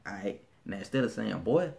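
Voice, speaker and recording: A man's voice: mid-range voice, moderate pace, gravelly, mellow. A man with a Birmingham, Alabama accent chatting casually in a vlog, laid-back and slangy, often restarting his sentences. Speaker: vlogger.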